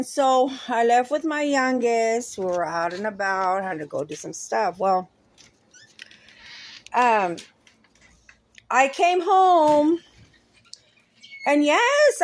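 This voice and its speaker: A woman's voice: sits high, a little hiss or hum. A middle-aged woman rambling and venting in a casual, profane vlog. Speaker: vlogger.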